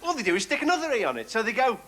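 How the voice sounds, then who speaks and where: A man's voice: very high-pitched, huge pitch swings, rapid-fire. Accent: Liverpool. Man ranting a stand-up routine. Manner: ranting, sardonic, shouting bursts. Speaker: stand-up comedian host. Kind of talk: stand-up comedy monologue. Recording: loud studio audience and noise.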